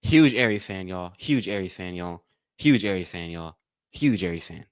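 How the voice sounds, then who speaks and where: Excitable man calling a game live. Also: low voice, moderate pace, no echo. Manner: excitable, repeats phrases, says y'all a lot; thanks donors by name. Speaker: livestream watch-along host. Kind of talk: live game commentary and chat.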